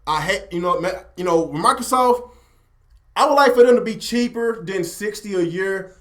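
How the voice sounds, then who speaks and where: Young male streamer, higher voice, casual rant to his chat, repeats himself. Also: expressive, normal speed, a bit bright. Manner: talkative, repeats himself, addresses chat directly. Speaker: gaming livestream host.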